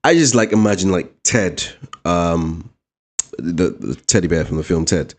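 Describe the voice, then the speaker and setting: A man's voice: sits low, lively intonation, unhurried, darkish tone. A man from Britain chatting casually as host while reacting to a history video. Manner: musing, chatty, laughs at jokes.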